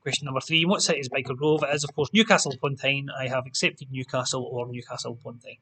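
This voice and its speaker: A man's voice: medium pitch, fairly even intonation, quick pace, bright, forceful tone. A Scottish man hosting an online pub quiz, reading out answers with chatty, jokey asides to the players. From Scotland.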